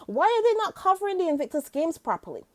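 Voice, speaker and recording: Animated, high-voiced woman vlogger. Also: fast. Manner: animated, chatty, laughs often, rhetorical questions. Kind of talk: casual reaction commentary.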